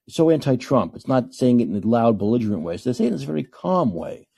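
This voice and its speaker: A man's voice: mid-range voice, sing-song, fast talker, creaky, mellow, breathy edge. A man hosting a call-in podcast, ranting emphatically and repeating himself for effect. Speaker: podcast host.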